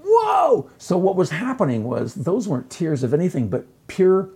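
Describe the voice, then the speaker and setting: A man's voice: on the high side, moderate pace, breathy edge. A middle-aged man, a chef and lecturer, telling stories effusively in a casual conversation. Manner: effusive, animated storytelling.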